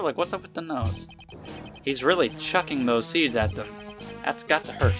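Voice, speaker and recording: A man's voice: on the high side, lively intonation, a little slow, long pauses, fairly bright tone, soft background music. A man giving casual gameplay commentary with crude, joking asides. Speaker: let's player.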